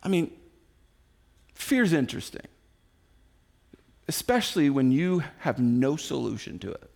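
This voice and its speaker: A man in his forties preaching a sermon, telling the story in an animated way and acting out the quotes himself. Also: medium pitch, unhurried, creaky. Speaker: pastor.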